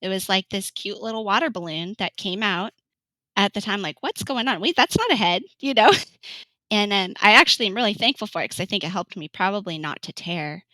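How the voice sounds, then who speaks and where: A woman's voice: medium pitch, brisk, bright, forceful tone, dry recording, poor audio. A woman in her thirties from California telling her birth story in an interview, chatty, laughing often and acting out what people said. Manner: chatty, laughs often, acts out quoted lines. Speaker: podcast guest.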